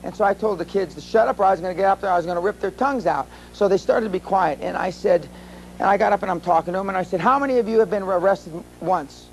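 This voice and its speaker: A man's voice: high voice, fairly quick, a little hiss or hum, poor audio. Blunt, profane older man speaking at a seminar. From USA. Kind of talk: live seminar talk.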